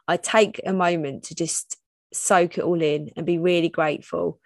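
A woman's voice: lowish voice, steady tone, moderate pace, no echo, studio quality. A woman in her thirties hosting her own podcast, talking openly and personally with frequent restarts. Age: 30s. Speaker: podcast host. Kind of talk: solo podcast monologue.

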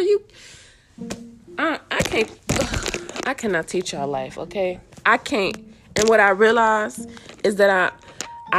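A woman speaking casually to her viewers about her own life, emphatic and preachy, with repeated phrases, informal grammar and bursts of laughter. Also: mid-range voice. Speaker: vlogger sharing her personal story. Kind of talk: casual monologue to camera.

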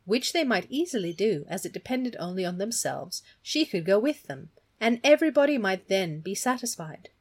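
An expressive woman reads a novel aloud, her voice rising and falling with lively swings. She voices the characters and stops now and then to chat about the story. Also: medium pitch. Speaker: reader of a novel.

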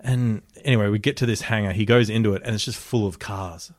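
A young Australian man telling a story in casual chat, animated, swearing often and laughing as he talks. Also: on the low side, fast, no echo, studio quality.

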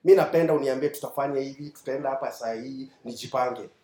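A Kenyan pastor preaches a sermon in a church hall, switching between English and Swahili, leading call-and-response and acting out his mentor's lines. His voice is medium-pitched, fast and dark-toned. The hall is echoey, with slight background noise.

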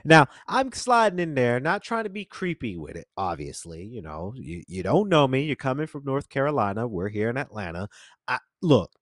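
Animated joking man. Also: medium pitch, no room sound. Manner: animated, jokey, rambling with slang. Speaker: podcast host. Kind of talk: casual storytelling monologue. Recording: dry close studio mic.

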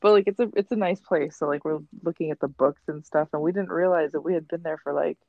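Woman, gravelly low voice, muffled lo-fi sound, podcast guest, laughs often. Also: fast talker, no echo. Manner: laughs often, chatty storytelling. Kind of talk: casual chat.

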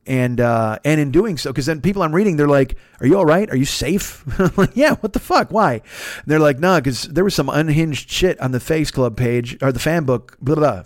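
A man's voice: medium pitch, dry recording, studio quality. A man in his fifties hosting a comedy podcast, telling a long story in a casual, profane way, full of restarts and self-interruptions. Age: 50s.

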